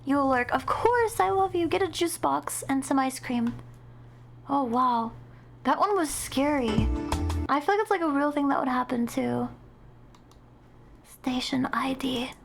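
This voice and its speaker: A woman streamer chatting casually with her viewers as she reacts to spooky videos, jumpy and excitable, gushing over her chat and swearing when something startles her. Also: high-pitched, normal speed, vocal fry, soft background music.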